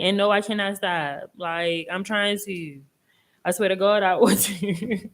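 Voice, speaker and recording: A young woman hosting a casual live tarot reading, chatty and expressive, with a reassuring tone and casual swearing. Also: medium pitch, normal speed. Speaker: tarot reader and live stream host.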